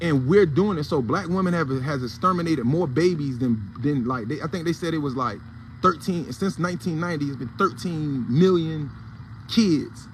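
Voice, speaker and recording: The host of a casual morning commentary show, a man with an African American Vernacular English accent, talks at a normal speed in a voice on the high side. There is a faint hiss or hum. He sounds blunt, heated and preachy, with plenty of profanity.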